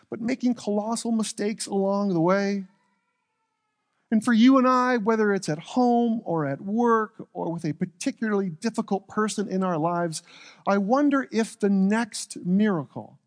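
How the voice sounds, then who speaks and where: A male pastor preaching a relaxed sermon with playful, joking asides. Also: sits high.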